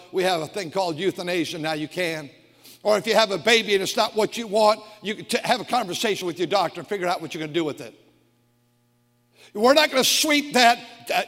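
A man with a very high voice preaches in a large hall with a long, echoing tail. He reads scripture slowly and deliberately. He swings between hushed, low passages and shouted climaxes. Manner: swings from low, quiet lines to shouted peaks. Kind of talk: fiery sermon.

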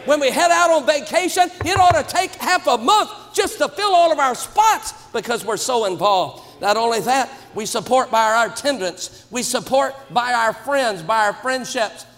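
Shouting high-voiced preacher in a reverberant church. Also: male voice, lively intonation, moderate pace, hardly any pauses. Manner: emphatic, swings to shouts. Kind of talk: sermon. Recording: long reverb of a church hall.

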